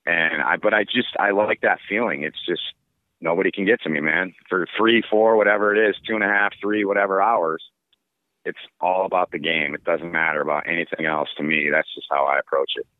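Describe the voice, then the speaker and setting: A sports broadcaster answering interview questions in a relaxed, rambling way with lots of fillers. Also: male voice, deep voice, a little fast, no echo. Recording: tinny phone-like line.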